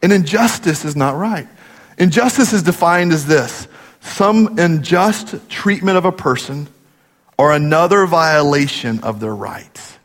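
A man preaching a sermon, telling stories animatedly and dropping low for serious points. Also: a little slow. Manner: animated storytelling, rising to emphatic peaks and dropping low for gravity. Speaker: pastor. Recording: long hall reverb.

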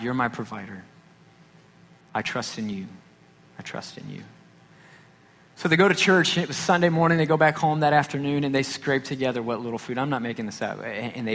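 A man's voice: mid-range voice, fairly bright tone. A man preaching a sermon, from Texas, telling a personal story in a conversational way with self-deprecating asides. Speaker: pastor. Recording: long hall reverb with faint noise.

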